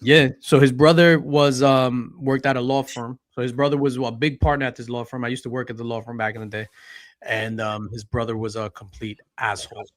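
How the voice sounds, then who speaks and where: A man's voice: mid-range voice, level tone, fairly quick, no room sound, clean studio sound. A man hosting a casual pop culture chat, telling profane anecdotes and laughing often. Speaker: podcast host.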